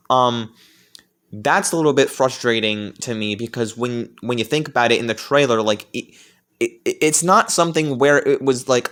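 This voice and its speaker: A man's voice: mid-range voice, fairly bright tone. A man reviewing movies in a casual vlog, rambling along with many fillers and restarts.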